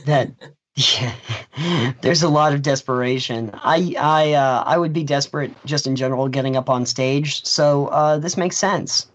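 A man's voice: medium pitch, measured pace. A man hosting a game podcast, asking questions and cracking playful jokes. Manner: joking, playful asides. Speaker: podcast host. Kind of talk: podcast interview.

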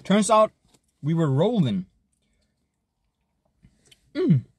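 A man streaming himself eating fast food, joking around, swearing often, and humming between bites. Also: sits high, sing-song, breathy edge. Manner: hyped, joking, swears a lot, chews and hums between bites.

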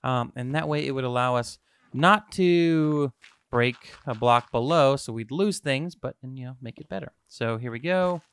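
A young man giving excitable, self-mocking let's-play commentary to his viewers as a gaming YouTuber. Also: mid-range voice, normal speed, smooth, no echo.

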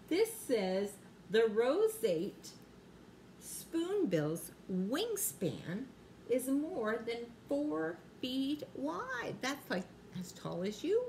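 A woman's voice: on the high side, creaky, darkish tone, a little hiss or hum. An older woman reading aloud at bedtime to her grandchildren, playful and drawing out the punchlines. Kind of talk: bedtime read-aloud for young children.

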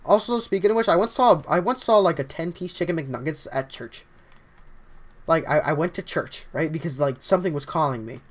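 A young man with a scratchy voice, livestreaming a game at home, chatting casually and excitedly while greeting his viewers. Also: on the high side, a little fast. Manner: excitable, rambling, greets chat often. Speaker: livestreaming gamer.

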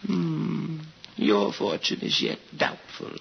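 An actor playing a scheming old gypsy fortune-teller woman in a 1950s radio drama, his voice croaking and half-whispered. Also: a little high, sing-song, lo-fi sound, a little hiss or hum, full character voice. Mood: ominous. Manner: slow and ominous. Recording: old radio recording over loud music.

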